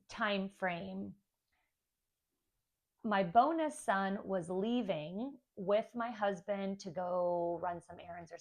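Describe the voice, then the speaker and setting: A young woman telling a candid, chatty personal story to camera about becoming a stepmom. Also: medium pitch. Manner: candid, chatty, acts out kids' voices. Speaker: stepmom vlogger.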